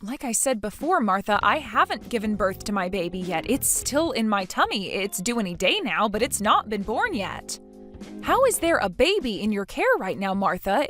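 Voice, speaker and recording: A woman's voice: medium pitch, very animated, moderate pace, a bit bright, soft background music. A woman voicing a pregnant young wife who answers in a hesitant, polite, stammering way, reading a text message story.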